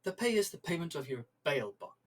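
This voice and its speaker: A game master voicing a smug, polite male corporate manager who speaks slowly and with faint menace. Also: mid-range voice, sing-song, low-quality recording. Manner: courteous, drawn-out, faintly menacing.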